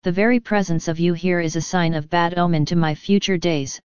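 A man's voice: fairly high pitch, steady tone, brisk, clear, resonant tone, no room sound, natural voice. Bitter male ex-inmate, angry outbursts, dull lo-fi sound, read by a woman. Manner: angry, bursts out.

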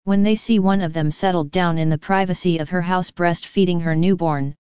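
A woman narrating a story in an even, matter-of-fact reading style. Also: fairly low pitch, brisk, clean tone, no room sound, lo-fi sound.

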